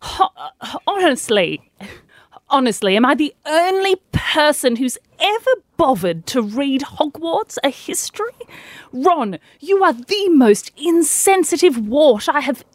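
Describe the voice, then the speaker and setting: A woman putting on a British accent to voice a prim, bossy know-it-all schoolgirl, reading haltingly from a script. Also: high-pitched, sing-song, no echo, pitched above the performer's own voice. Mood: exasperated. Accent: put-on British. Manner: nervous, halting read of a script.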